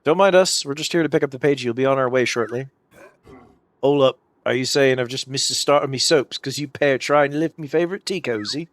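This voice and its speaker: A man's voice: mid-range voice, brisk, no room sound, lightly acted. A man voicing a grumpy, blustering tentacle monster in a put-on British accent. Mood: annoyed. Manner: blustering, threatening, working-class slang. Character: grumpy tentacle monster guarding his tea cozy.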